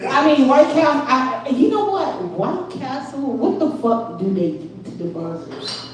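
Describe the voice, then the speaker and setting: High-voiced woman doing crude stand-up. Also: big pitch swings, unhurried, slight background noise. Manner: crude, laughs through lines. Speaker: open mic comedian. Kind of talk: stand-up set. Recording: echoey room from far off, loud crowd.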